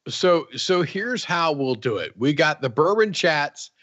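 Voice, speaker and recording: Man, podcast host, casual rambling banter, fillers, lively pitch, dull lo-fi recording. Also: unhurried, no echo. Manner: rambling, lots of fillers and laughs.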